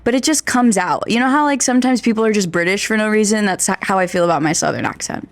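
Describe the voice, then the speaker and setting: A woman's voice: medium pitch, quick pace, no echo. A woman in her twenties from Pennsylvania with a slight Pennsylvania accent, chatting as a guest in an interview in a record store and laughing often. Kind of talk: casual interview chat.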